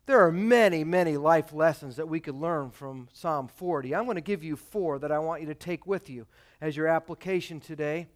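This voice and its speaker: A male pastor preaching a sermon, reading scripture dramatically and swinging between loud emphatic peaks and quiet, dropped phrases. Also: on the high side, moderate pace.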